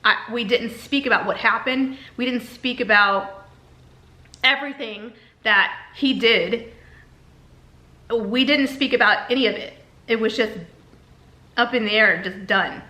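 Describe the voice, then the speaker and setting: A woman's voice: fairly high pitch, unhurried, pauses often, sharp tone. A woman candidly telling a personal story in a vlog, emotional and repeating herself as she talks. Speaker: vlogger. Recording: echoey room.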